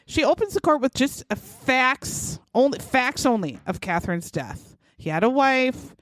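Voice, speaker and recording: Woman podcast co-host, lively true-crime storyteller, dry close sound. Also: high voice, a little slow, no echo. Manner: animated retelling, acts out quotes in shouted voices. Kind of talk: casual true-crime chat.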